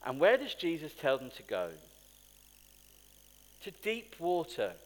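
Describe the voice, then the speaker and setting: A man's voice: fairly high pitch, huge pitch swings, unhurried. A man preaching a sermon in a conversational, storytelling way, with asides to the congregation. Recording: long hall reverb.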